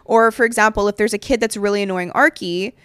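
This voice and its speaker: A woman's voice: medium pitch, quick pace, fairly bright tone, clear, resonant tone, no echo. A young woman co-hosting a podcast, chatting casually and acting out quoted voices with lots of "like". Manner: chatty, acts out quoted voices, many likes. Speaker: podcast co-host. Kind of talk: casual chat.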